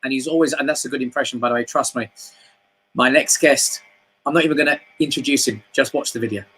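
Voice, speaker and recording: A man's voice: medium pitch, quick pace, pushed and bright, low-quality recording. A man hosting a comedy chat show, chatty and full of banter, with stammered restarts.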